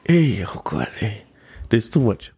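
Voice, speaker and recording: A man's voice: fairly low pitch, very animated, slow, dark tone, slight background noise. A man, mocking a news article he reads aloud, incredulous and laughing at it. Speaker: commentator reacting to a news article. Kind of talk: mocking commentary on a news story.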